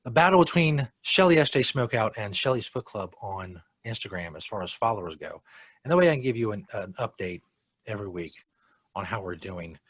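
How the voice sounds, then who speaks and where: A man's voice: fairly low pitch, expressive, fairly quick, breathy edge, no echo. A man co-hosting a casual podcast, joking in a dry, laid-back way. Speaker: co-host.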